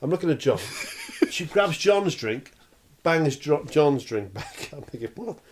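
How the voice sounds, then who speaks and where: A man's voice: fairly high pitch, unhurried, a little hiss or hum. A man telling a funny story in casual chat, acting out voices and laughing. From Wales. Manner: animated, laughing anecdote with acted-out voices. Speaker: podcast co-host.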